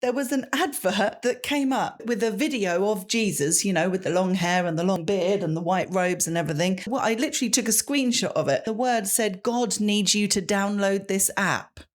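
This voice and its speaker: A woman's voice: mid-range voice, brisk, few pauses. Chatty woman podcast co-host. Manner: chatty, animated storyteller, laughs often. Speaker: podcast co-host and radio presenter. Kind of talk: casual chat. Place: radio studio.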